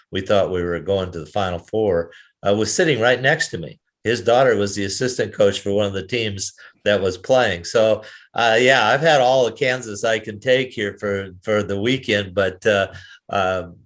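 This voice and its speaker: Folksy older man with a low voice. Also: fairly bright tone. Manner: rambling, folksy, many fillers. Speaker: podcast co-host. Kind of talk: casual podcast chat.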